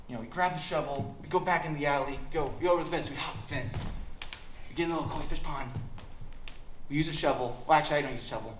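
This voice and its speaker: A young man telling a crude, deadpan comic story at a college open mic. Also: fairly high pitch. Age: young adult. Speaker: stand-up comedian. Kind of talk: stand-up comedy storytelling. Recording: roomy hall with faint background noise.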